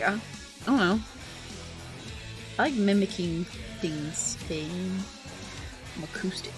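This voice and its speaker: Slow, chatty young woman streamer. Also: medium pitch, lively intonation, darkish tone, soft background music. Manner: chatty and giggly, reading chat aloud. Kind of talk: casual chat while drawing on stream.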